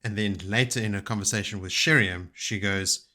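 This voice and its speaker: A man with a low voice and a bright, forceful edge talks casually about a book. He is chatty, and his voice lifts whenever he quotes a passage aloud. His delivery stays conversational throughout. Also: moderate pace. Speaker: podcast co-host.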